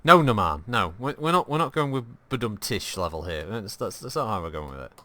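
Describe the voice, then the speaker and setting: A man's voice: on the low side, very animated, a little fast, pushed and bright, no room sound. A man giving live, joking gameplay commentary as a streamer, rambling, swearing and answering his chat. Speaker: gaming streamer.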